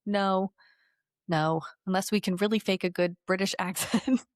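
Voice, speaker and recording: A woman in her thirties co-hosting a podcast, talking politics in a sarcastic, animated way with some swearing. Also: mid-range voice, normal speed, no room sound, clean studio sound. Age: 30s. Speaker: podcast co-host. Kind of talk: casual political chat.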